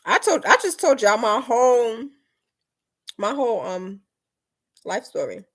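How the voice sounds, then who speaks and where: A young woman chatting casually on a live stream, reading comments and acting out her mother's lines in a lively, talkative way. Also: on the high side. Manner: lively, chatty, quick mood swings, acts out her mom's lines. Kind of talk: casual chat.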